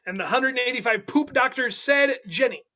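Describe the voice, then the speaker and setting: A man hosting an online improv comedy game, playful and quick, with laughing asides. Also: very high-pitched, lively intonation, sharp tone, muffled recording.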